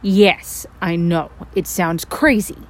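A woman's voice: fairly low pitch, slow. A woman playing a frantic young scientist in an audio role-play, stammering, breathless and swearing. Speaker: voice actor.

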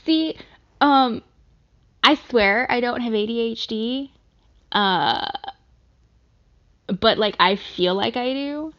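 A woman's voice: on the high side, takes it slowly, long pauses, fairly bright tone. A young woman from the American South talking in a casual, rambling monologue, swearing often and poking fun at herself. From Southern United States. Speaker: vlogger. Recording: dull lo-fi recording.

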